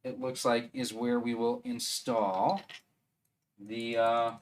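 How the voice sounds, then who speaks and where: Wisconsin guy streaming live, rambly and chatty, talks himself through a build, mid-pitch voice. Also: big pitch swings, slow pace, vocal fry. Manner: rambling, chatty, thinks aloud mid-task. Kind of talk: casual live-stream chat while assembling.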